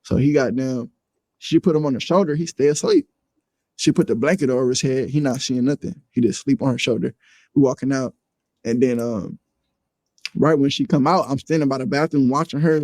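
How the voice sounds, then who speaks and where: A man, a guest on a casual podcast, tells an animated story in profane slang and acts out other people's voices. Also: mid-range voice, fairly quick, no echo.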